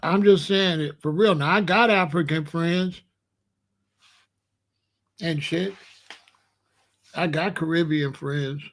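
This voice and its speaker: A man's voice: fairly high pitch, takes it slowly, long pauses. A man from Chicago hosting a blunt, profane commentary rant. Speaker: host.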